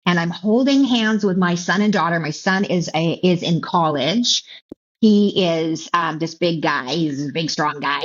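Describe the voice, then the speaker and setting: A middle-aged woman telling her personal story as an interview guest, halting and emotional, with many restarts and repeated words. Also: deep voice, husky. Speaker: author and keynote speaker, guest. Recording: dull lo-fi audio.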